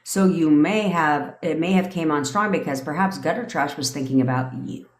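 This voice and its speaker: A woman's voice: deep voice, moderate pace. A middle-aged woman who is a manifestation coach, talking in a blunt, profane, casual livestream rant. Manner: blunt and profane, with lots of swearing. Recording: echoey room.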